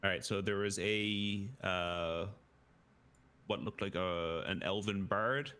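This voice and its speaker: A man playing at a tabletop game, speaking in a somewhat low voice with a bright edge. He talks hesitantly and trails off into fillers. He asks questions to double-check before he acts. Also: fairly even intonation, slow, clean tone. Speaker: player. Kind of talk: casual tabletop play.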